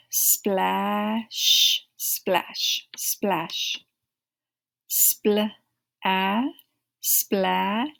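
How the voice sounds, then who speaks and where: A woman teaching young children to read, working through phonics with great patience. She speaks very slowly and deliberately, breaking each word into its sounds before repeating it, her pitch sitting in an ordinary middle range.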